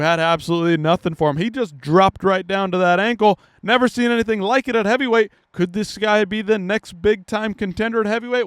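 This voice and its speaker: A high-pitched man talks through fight results in a brash, profane, trash-talking way. His voice is smooth and clear. The recording is dry and close, with no room sound. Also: dry recording. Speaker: MMA commentary host. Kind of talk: casual profane fight recap.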